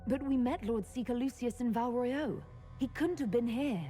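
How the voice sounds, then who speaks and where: An actress voicing a calm woman leader who speaks in a measured, quiet way. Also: fairly high pitch, lightly acted. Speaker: player character. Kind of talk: video game voice acting.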